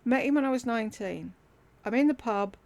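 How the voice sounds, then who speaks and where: Using a desktop USB mic, a middle-aged woman on YouTube recounts a personal family story frankly, adding dry humour and the odd curse. She sounds animated and brisk, with a somewhat high, darkish voice.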